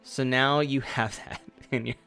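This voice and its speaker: A man's voice: medium pitch, fairly even intonation, unhurried, sharp tone, faint music behind. A man running a tabletop game as game master, casual and chatty. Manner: casual, chatty, many fillers.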